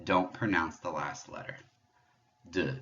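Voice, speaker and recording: A man giving a patient pronunciation lesson, explaining French sounds step by step and demonstrating them slowly. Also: fairly low pitch, lively intonation, a bit bright, dull audio. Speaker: French teacher.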